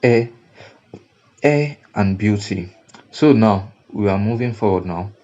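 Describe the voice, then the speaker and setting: A man's voice: lowish voice, animated, slow pace, mellow, muffled recording. A man with a Nigerian English accent teaching graphic design over a screen recording, repeating and restarting phrases for emphasis. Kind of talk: screen-recorded software tutorial.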